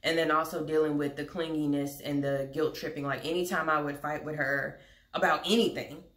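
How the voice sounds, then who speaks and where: A woman's voice: low voice, steady tone, fairly quick, fairly bright tone. A young adult woman telling a personal story in a candid, rambling vlog. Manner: candid, rambling, talks to her dogs between thoughts. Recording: echoey room.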